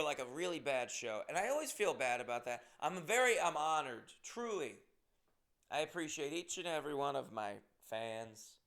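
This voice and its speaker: Gravelly, self-deprecating comedian man. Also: on the high side, a bit bright. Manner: rambling, self-deprecating, swears often. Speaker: comedian and podcast host. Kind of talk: casual podcast monologue.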